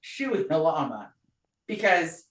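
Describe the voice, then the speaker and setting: In an echoey room on a distant mic, with a bit of hiss or hum, a female podcast co-host slowly recounts a story in a low voice. She's chatty and lively, mimicking the voices of the characters she quotes.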